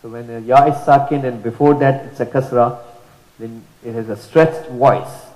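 A man's voice: mid-range voice, fairly even intonation, moderate pace, a little mellow. Patient male teacher in an echoey room. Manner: patient, repeats and drawls out letter sounds as demonstrations. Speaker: Quran recitation teacher. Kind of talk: explanatory lesson.

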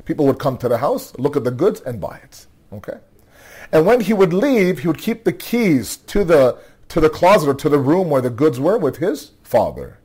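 A man's voice: a little high, very animated, normal speed, a little mellow, husky. Tired man telling a religious story. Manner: conversational storytelling, frequent "okay?" check-ins and repeated restarts. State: tired, yawning. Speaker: religious speaker. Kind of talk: nightly religious storytelling talk.

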